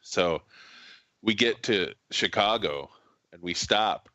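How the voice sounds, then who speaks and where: A man's voice: lowish voice, takes it slowly, pushed and bright, dry recording. A man in his thirties chatting bluntly and casually, telling a story with crude language. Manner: blunt, laid-back, crude. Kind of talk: casual chat.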